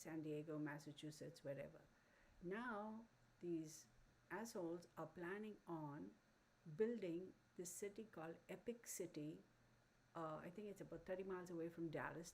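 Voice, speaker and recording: A woman's voice: lowish voice, a little mellow, a little hiss or hum, low-quality recording. A woman hosting a live stream, ranting bluntly and heatedly to her viewers, with heavy cursing and many fillers and restarts. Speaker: channel host.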